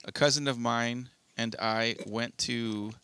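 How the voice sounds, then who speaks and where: A man's voice: medium pitch, steady tone, takes it slowly, pushed and bright, clean tone. A young man co-hosting a podcast, telling a long rambling story in casual chat and swearing freely. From Southern California. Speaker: podcast co-host.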